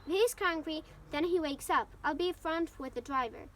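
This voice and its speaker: A woman's voice: high-pitched, normal speed, fairly bright tone, far from the mic, slight background noise. A woman with Ukrainian as her first language reading the part of a kindly old witch selling sweets on a train. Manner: soothing, motherly.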